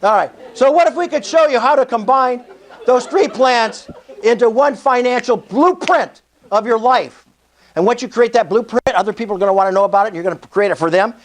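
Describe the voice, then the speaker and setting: A man's voice: very high-pitched, brisk. A man in his sixties giving a fervent, preacher-like motivational speech at an investor meetup, calling out to the audience for responses. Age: 60s. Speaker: speaker at a real estate investor meetup.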